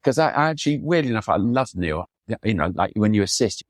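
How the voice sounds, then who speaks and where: Middle-aged guest, low voice, dry close sound, enthusiastic storyteller. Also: male voice, big pitch swings, fast talker, no room sound. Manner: enthusiastic, chatty anecdotes with acted quotes. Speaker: photographer guest. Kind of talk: storytelling conversation.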